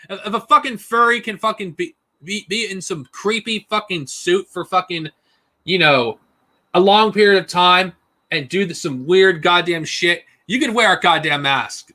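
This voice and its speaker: A man's voice: high-pitched, normal speed, sharp tone. A man ranting angrily and profanely on a live stream. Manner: angry profane ranting, mocking put-on whines.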